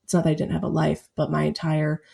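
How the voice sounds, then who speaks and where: A woman's voice: sits low, monotone, fast talker, vocal fry, dark tone. A woman around thirty, a poet guest on a podcast interview, telling her story in a heartfelt, reflective way.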